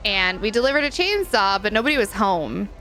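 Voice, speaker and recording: A woman's voice: mid-range voice, very animated, a little fast, fairly bright tone. A woman live-streaming a video game in casual chat, reading and answering her viewers and giggling often.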